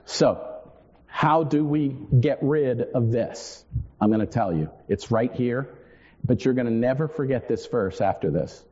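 A man's voice: mid-range voice, animated, unhurried, darkish tone. A man in his forties preaching a sermon, earnest, repeating key phrases for emphasis with self-deprecating asides. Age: 40s. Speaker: pastor. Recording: dull sound in a long-reverb hall.

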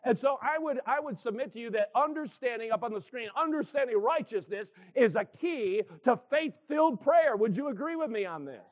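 A man's voice: very high-pitched, expressive, a little fast, hardly any pauses. A man in his fifties or sixties preaching a sermon in church, earnest and emphatic, asking the congregation for responses. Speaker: pastor. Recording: tinny phone-like sound.

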